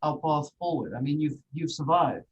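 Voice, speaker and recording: A podcast host in an interview, musing and speculating, thinking out loud. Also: mid-range voice, normal speed, husky, lo-fi sound.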